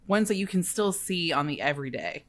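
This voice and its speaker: A woman's voice: lowish voice, fairly quick. A woman co-hosting a podcast, chatting casually and gushing about what she loves. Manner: gushing, animated. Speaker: podcast co-host. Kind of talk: casual chat.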